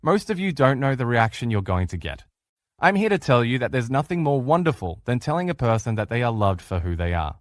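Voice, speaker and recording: A middle-aged man coaches listeners through a relationship lesson in an earnest, persuasive way. His pitch moves a lot as he talks. The recording is dry and close. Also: very animated, a little fast, dry recording. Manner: earnest, coaching, acts out quoted replies in changed voices.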